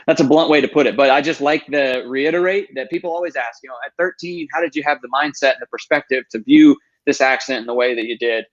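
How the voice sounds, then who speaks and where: A man in his thirties, a podcast guest telling his own story in an earnest, animated way. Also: mid-range voice, quick pace, few pauses, dull audio. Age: 30s.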